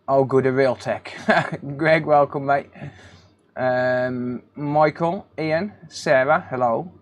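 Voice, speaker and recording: Taking it slowly in a mid-range voice, a man runs a laid-back live stream. He's a repair technician who reads viewers' names aloud and greets them, calling each one mate.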